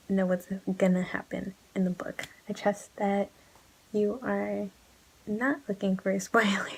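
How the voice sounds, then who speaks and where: A woman's voice: mid-range voice, gravelly, darkish tone, husky, low-quality recording. A young woman gushing about a book in a casual vlog, emotional and casually swearing, often dropping into whispers. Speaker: book vlogger.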